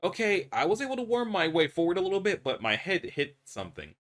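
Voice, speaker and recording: A terrified young prisoner stuck underground, as a man voices him, his pitch jumping up and down as he stammers and pleads to be pulled free. The voice sits well above the reader's own and gets loud and frantic. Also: sing-song, fast. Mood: scared. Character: panicked trapped male prisoner, young adult.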